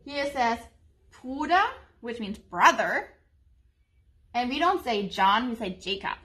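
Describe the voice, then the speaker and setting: Slow, gentle woman teaching children. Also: fairly high pitch, animated. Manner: slow and simple, with frequent ums. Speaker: preschool teacher.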